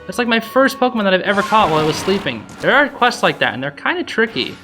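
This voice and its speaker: A young adult host giving chatty, excitable blind let's-play commentary and talking to the creatures on screen. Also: medium pitch, quick pace, music in the background. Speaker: gaming channel host.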